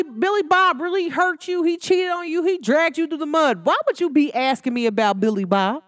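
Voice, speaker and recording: A young woman hosts her own podcast in loose, sassy chat. Her voice sits high and keeps jumping into excited exclamations. The sound is close and dry, with no room around it. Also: brisk, few pauses, dry recording. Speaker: podcast host. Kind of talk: casual solo podcast talk.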